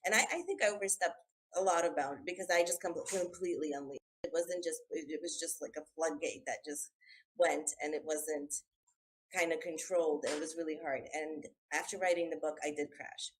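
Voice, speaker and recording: A woman with a low voice hosts a podcast conversation. She talks in quick, animated bursts, interrupts herself often and breaks into laughter. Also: slightly rough, low-quality recording. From immigrant, schooled in English by her father. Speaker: podcast host. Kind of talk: casual interview chat.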